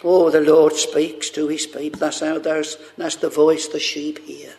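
Slow, gravelly-voiced male preacher. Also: fairly high pitch, little pitch movement, darkish tone. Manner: slow, halting delivery with many fillers and fervent "oh"s. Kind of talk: sermon.

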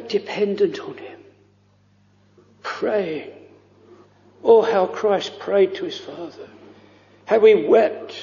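A man preaching a fervent, pleading sermon, full of drawn-out exclamations and quoted prayers. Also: sits high, gravelly, dark tone. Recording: lo-fi recording in a reverberant church.

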